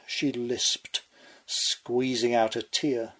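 A man's voice: medium pitch, slow. A man delivering a scripted political commentary monologue with sardonic, sarcastic asides.

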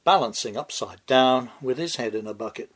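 A man delivering scripted satirical commentary in a dry, deliberate, sardonic manner. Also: medium pitch, expressive. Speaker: commentary host.

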